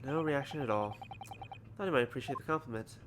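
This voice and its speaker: A man's voice: medium pitch, fast. A man streaming a game, casually joking and swearing while reading dialogue aloud. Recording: background noise from home stream setup.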